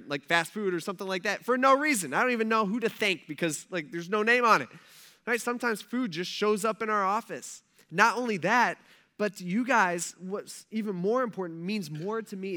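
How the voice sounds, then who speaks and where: A man's voice: high-pitched, pushed and bright. A man in his thirties, a pastor preaching a casual sermon in a church, joking and using slang. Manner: chatty and joking, slangy asides.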